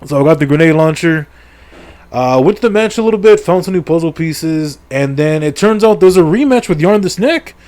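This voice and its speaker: A middle-aged man gives a rambling, casual recap of a video game story for his videos, full of swearing, crude jokes and fillers. His voice is fairly high, animated, a little fast and a little mellow.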